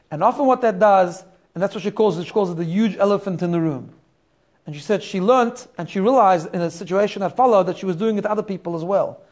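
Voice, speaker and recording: High-voiced man giving a sermon. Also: darkish tone. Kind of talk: weekly sermon with storytelling.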